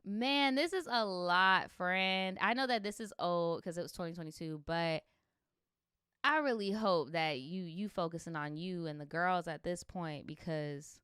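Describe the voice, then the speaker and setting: A woman's voice: fairly low pitch, a little slow, fairly bright tone, clean tone, dry recording, studio quality. A young adult woman streaming, reading viewer stories aloud and reacting with sassy, slangy, profane commentary. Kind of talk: livestream story reading with commentary.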